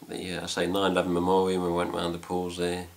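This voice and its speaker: A man's voice: sits low, completely flat delivery, quick pace, gravelly. A man with an English accent chatting casually to camera about a trip, rambling with fillers and mild swearing. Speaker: fan site vlogger. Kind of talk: casual chat.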